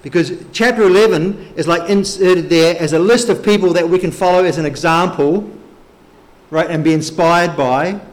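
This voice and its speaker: Guy preaching a sermon, slow and emphatic, kinda higher voice. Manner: slow, emphatic Bible teaching with occasional light laughs.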